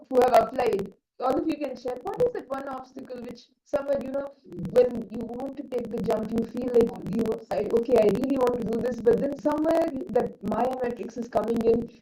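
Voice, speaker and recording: A woman's voice: on the high side, fairly quick, dark tone. A woman facilitating a spiritual session who earnestly invites participants by name to share. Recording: distant echoey mic with faint noise.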